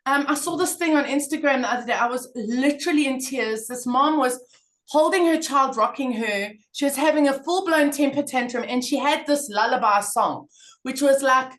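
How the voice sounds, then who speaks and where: A woman's voice: sits high, moderate pace. A middle-aged woman speaking in a conversational interview, telling stories with emphatic repetition. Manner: emphatic, animated storytelling with repetition. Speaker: parenting guest speaker.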